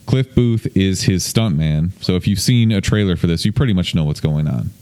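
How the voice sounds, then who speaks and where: A man's voice: deep voice, moderate pace, dark tone, clean tone. A man hosting a podcast in loose, rambling casual chat, swearing freely. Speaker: podcast host. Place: indoor room, streamed on video.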